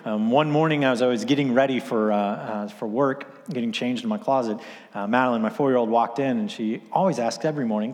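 A man's voice: mid-range voice, fast, darkish tone, long reverb tail. A man in his thirties preaching a sermon, telling a story in a casual, conversational way with filler words. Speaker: pastor.

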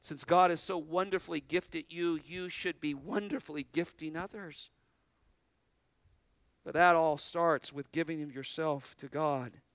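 A man delivers a sermon from the pulpit, animated and earnest, doubling back on his words as he presses each point. His voice is bright and forceful, sitting a little high for a man. The sound is close and dry, with no room around it. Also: a little slow, no room sound. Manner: animated preaching, restarts and repeats phrases, laughs between points. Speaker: pastor.

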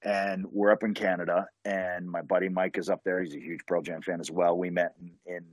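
A man's voice: low-pitched, little pitch movement, brisk, no echo. A man, a professional wrestler, is a podcast guest. He tells a story with eager, rambling enthusiasm, full of restarts. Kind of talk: animated storytelling in casual chat.

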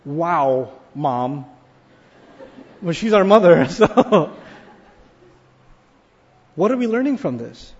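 A man preaching a sermon to a packed mosque audience, animated, asking the crowd questions and acting out quoted lines. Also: fairly high pitch, slow pace, long pauses. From United States. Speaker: Islamic scholar and preacher. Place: large mosque hall. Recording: dull, lo-fi live recording in a reverberant hall.

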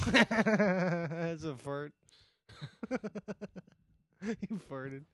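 A man's voice: fairly high pitch, expressive, extremely slow, a bit bright. A man co-hosting a podcast, joking crudely in casual banter. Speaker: podcast co-host.

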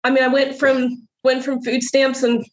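A middle-aged woman with a fairly high voice tells her story as an interview guest. She rambles, restarts and grows emotional as she talks. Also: little pitch movement, moderate pace, lo-fi sound. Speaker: guest, bakery owner.

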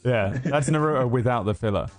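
A man's voice: medium pitch, brisk, soft background music. A man hosting a tabletop game stream, feeling unwell, rambling and joking with many fillers. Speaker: game master and host. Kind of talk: casual chat opening a tabletop game stream.

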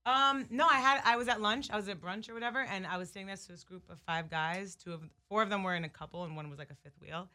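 A young woman from New Jersey, a podcast co-host, telling a story in casual chat, animated and saying "like" a lot. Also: mid-range voice, fast talker, few pauses. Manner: animated, sprinkles "like" often, laughs while telling.

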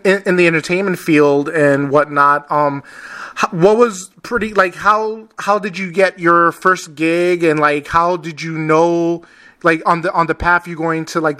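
A man hosting a casual interview, eager and chuckling often, with many halting restarts as he asks questions. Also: a little high, sharp tone. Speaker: podcast host.

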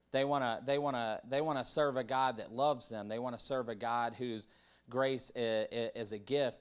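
A pastor preaches a sermon conversationally, often repeating words and putting questions to the congregation. He has a medium-pitched voice with a clean tone.

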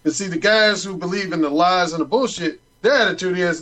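A man's voice: sits high, a little fast, a bit bright, low-quality recording. A man who writes dating advice books, speaking bluntly and explicitly in casual chat.

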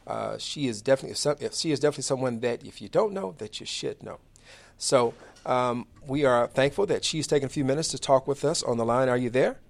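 A man's voice: mid-range voice, brisk, vocal fry. A man in his forties hosting a live radio talk show from a studio, chatty, friendly and upbeat as he runs through announcements.

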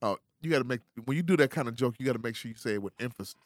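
A man's voice: medium pitch, animated, rapid-fire, dry recording. A man co-hosting casual banter, playfully arguing and lecturing his point. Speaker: co-host.

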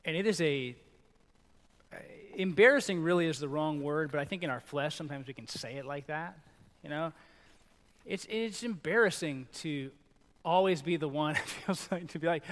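A middle-aged male pastor preaching a sermon in a conversational, animated way, acting out little quoted lines. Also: a little high. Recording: long reverb in a large hall.

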